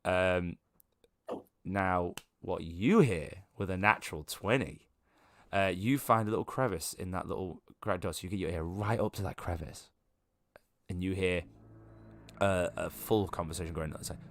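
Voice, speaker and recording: A man narrating a tabletop game as game master, describing scenes in a relaxed way with many fillers. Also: deep voice, normal speed.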